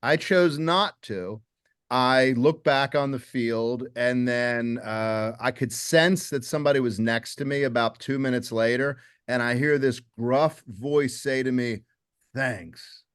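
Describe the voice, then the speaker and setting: A man with a mid-range voice hosts a casual podcast conversation. He tells his stories slowly and hesitantly, with plenty of fillers. The recording is dry, with no room sound. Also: mid-range voice, clear, resonant tone, dry recording. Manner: measured, hesitant storytelling with many fillers. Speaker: podcast host.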